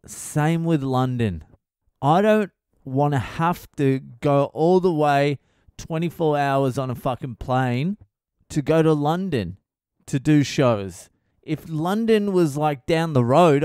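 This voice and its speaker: A man's voice: a little high, darkish tone, smooth, dry recording, clean studio sound. A middle-aged comedian hosting his own podcast, talking in a sweary, wry, rambling monologue. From Australia. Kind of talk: casual solo podcast monologue.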